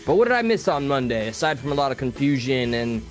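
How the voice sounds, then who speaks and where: A man's voice: medium pitch, sing-song, fast, soft background music. A man co-hosting a live call-in show, talking candidly and self-deprecatingly, swearing freely. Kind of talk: casual live show banter.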